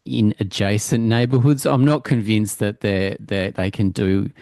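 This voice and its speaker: Low-voiced man, dry podcast mic. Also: steady tone, unhurried, vocal fry, warm tone, no room sound. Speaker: podcast co-host. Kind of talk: casual TV review chat.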